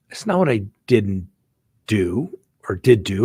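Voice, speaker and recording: A man's voice: medium pitch, very animated, moderate pace, mellow, husky, no room sound, studio quality. A man hosting a live show as a criminal defense attorney, talking casually in a folksy way with frequent "right?" asides. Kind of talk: casual live-stream talk.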